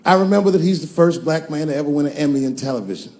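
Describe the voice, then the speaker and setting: A man's voice: on the high side, very fast, a little mellow. A male stand-up comedian telling profane stories and acting out the voices. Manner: profane, storytelling delivery with acted-out voices.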